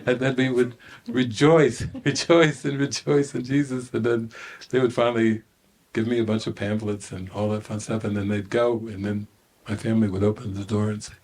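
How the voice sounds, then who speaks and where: A man's voice: lowish voice, moderate pace. An older man giving a spiritual retreat talk, telling stories with laughter and acting out the voices of the people in them. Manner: animated storytelling with laughter and acted-out quotes. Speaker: spiritual teacher.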